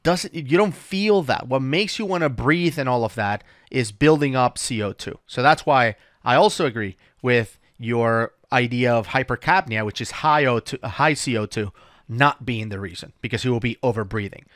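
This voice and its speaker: A man's voice: mid-range voice, normal speed, a bit bright, dry recording. A man hosts a casual dive talk with an ordinary mid-range voice. He walks through ideas patiently, checking in with "right?" as he goes. The sound is dry and close. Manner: patient, explains step by step with lots of "right?". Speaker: dive instructor and podcast host. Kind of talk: casual explanatory chat.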